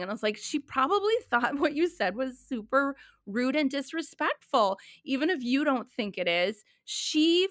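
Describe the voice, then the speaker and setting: Animated woman telling a story. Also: high voice, moderate pace, few pauses, dry recording, clean studio sound. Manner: animated storytelling with quoted dialogue and laughs. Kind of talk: casual chat.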